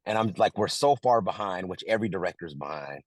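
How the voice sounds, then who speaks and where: A middle-aged man, an actor who also directed, telling a casual story in an interview, lively and full of restarts. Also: low-pitched, quick pace, dry recording. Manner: animated, acts out quotes, many restarts.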